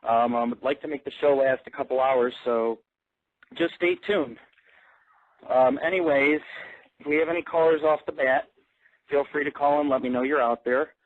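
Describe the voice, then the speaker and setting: A man's voice: mid-range voice, normal speed, long pauses, dry recording. A man hosting his own internet radio show, telling loose, profane stories full of fillers. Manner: loose, crude storytelling with many fillers. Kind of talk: rambling profane monologue. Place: Las Vegas. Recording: tinny phone-like lo-fi audio.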